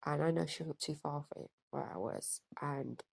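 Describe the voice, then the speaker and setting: A woman's voice: sits low, moderate pace, vocal fry, breathy edge, dry recording, low-quality recording. A woman vlogging, angry and upset, talking hesitantly with a lot of fillers and self-corrections. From Britain. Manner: hesitant, stuttering, with many fillers. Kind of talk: personal vlog rant.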